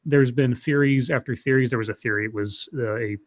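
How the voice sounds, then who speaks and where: A man's voice: mid-range voice, fairly even intonation, a little fast. A man co-hosting a casual livestream, reading out viewer questions with many fillers and restarts.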